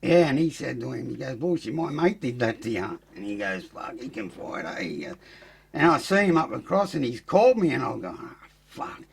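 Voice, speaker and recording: A man with an Australian accent telling his story as a podcast guest, blunt and profane, growing animated as he acts out fights. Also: mid-range voice, fairly quick, creaky, slightly rough. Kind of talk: casual storytelling.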